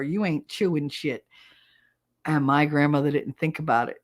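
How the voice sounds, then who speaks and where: A woman podcast host chats on her own in a casual, rambling way. She swears freely and laughs through her stories. Her voice sits slightly lower than most women's. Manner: blunt, profane storytelling with frequent laughs. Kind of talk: casual solo chat.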